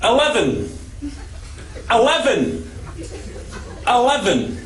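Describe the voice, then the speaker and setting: An actor with a Scottish accent playing an exasperated man stuck in a voice-controlled lift, shouting and repeating himself. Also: very high-pitched, very animated, slow pace, exaggerated voice. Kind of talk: TV comedy sketch. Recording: echoey sketch audio over loud studio laughter.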